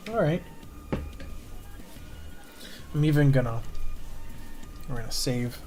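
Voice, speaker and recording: Man mumbling casually while inking. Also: warm tone. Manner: rambling, low-key asides to himself. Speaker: cartoonist streaming his inking. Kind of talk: casual talk while drawing.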